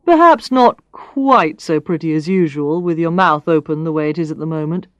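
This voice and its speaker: A woman's voice: low-pitched, lively intonation, normal speed, no room sound, muffled recording. A woman reading the lines of a charming, blunt male gallery owner aloud from a story, in a teasing, matter-of-fact way.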